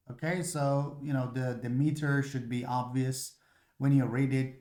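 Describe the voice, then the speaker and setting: Male lecturer, patient, step-by-step, mid-pitched voice, roomy echo. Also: fairly even intonation, unhurried, darkish tone. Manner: patient, explains step by step, many "uh" fillers. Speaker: literature lecturer. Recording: echoey room.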